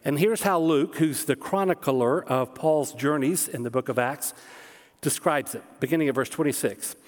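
A man preaching from the pulpit with a fairly high voice, emphatic and direct, and he often turns to his listeners with rhetorical questions. His voice carries a long reverb, as in a large church sanctuary. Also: normal speed. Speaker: pastor. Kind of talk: sermon.

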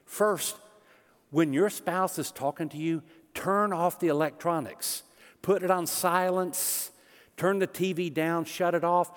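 Man, pastor, sermon, conversational, joking with the congregation, slightly high voice, long hall reverb.

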